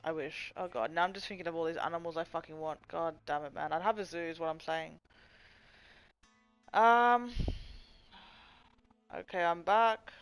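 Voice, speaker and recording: Over faint background music, a young livestream host with a fairly low, smooth voice talks at a normal speed and pauses often; there's no room sound, but the recording is rough. She's chatty and profane, clowning around and reading her chat aloud.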